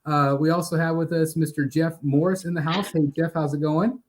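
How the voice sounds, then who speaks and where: A man's voice: fairly high pitch, steady tone, a little fast. A man hosting a live collectors' show, upbeat and welcoming, a little scattered and out of breath. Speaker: host.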